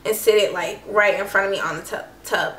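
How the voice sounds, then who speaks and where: A woman's voice: mid-range voice, steady tone, a little fast, fairly bright tone, far from the mic. A young woman telling a personal story to camera in a casual, chatty way, full of "like" and "I don't know". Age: young adult. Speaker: vlogger. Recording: echoey room, voice a bit off-mic.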